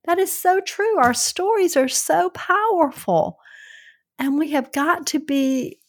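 Speaking slowly in an extremely high voice, a Southern-accented woman co-hosts a casual podcast with her son. She comes across as earnest and reflective, and she laughs easily.

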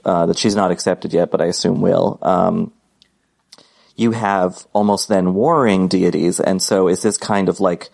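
A man co-hosting a podcast, talking haltingly with many fillers and restarts. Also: low-pitched, steady tone, creaky, a little mellow. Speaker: podcast co-host. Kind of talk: casual podcast discussion.

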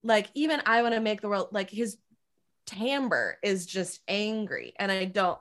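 A woman co-hosting a podcast in casual chat, chatty and quick to agree, with lots of fillers. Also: medium pitch, animated, fairly bright tone. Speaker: podcast co-host.

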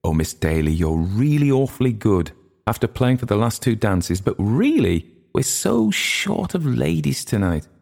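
A man voicing a young woman who is a polite, hurried hostess arranging dance partners. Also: mid-range voice, big pitch swings, vocal fry, darkish tone, voice pushed up, full character voice. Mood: eager.

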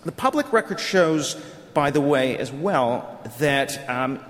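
A man's voice: a little high, lively intonation, takes it slowly, fairly bright tone. A middle-aged man giving a prepared conference speech, arguing his case in a lecturing way with rhetorical questions. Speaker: conference speaker. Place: conference hall. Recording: long hall reverb.

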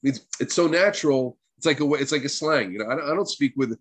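A man's voice: mid-range voice, lively intonation, fast, slightly rough, no room sound. A middle-aged man with a New Jersey accent giving a conversational religious class. He mixes Hebrew terms into his English and keeps checking in with "right?". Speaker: Torah teacher.

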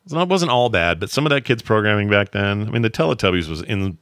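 A man's voice: fairly low pitch, quick pace, no echo, clean studio sound. A middle-aged man co-hosting a podcast in casual chat, joking and telling rambling stories. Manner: jokey, rambling, animated storytelling. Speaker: podcast co-host.

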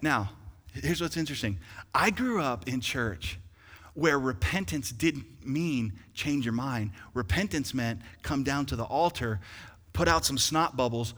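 Animated man preaching in a reverberant church. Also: a little high. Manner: animated preacher, swings from quiet to loud. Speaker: pastor. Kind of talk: sermon. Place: church sanctuary. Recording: long hall reverb.

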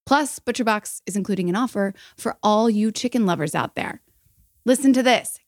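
A woman's voice: medium pitch, no echo. Female podcast co-host, mid-range voice, dry studio, upbeat ad read. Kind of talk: casual chat and host-read ad.

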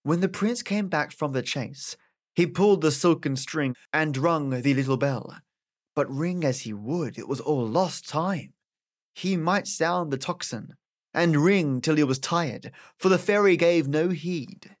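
A man with an Australian accent reading an old fairy tale aloud as narrator, in an expressive, dramatic way. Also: fairly high pitch, measured pace. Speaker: audiobook narrator, podcast host. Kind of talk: storybook narration.

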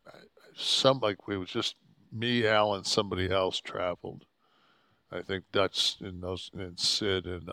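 A gravelly, low-sitting male voice comes through a dry, studio-quality recording. The speaker, a podcast host in his sixties, casually tells a rambling road story laced with profanity, animatedly imitating the others involved.

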